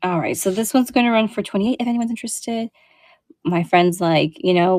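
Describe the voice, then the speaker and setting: A woman's voice: medium pitch, fairly even intonation, normal speed, a little mellow, no echo. A woman hosting a casual live selling show, chatting with lots of fillers and friendly asides as she shows vintage jewelry. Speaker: online vintage jewelry seller.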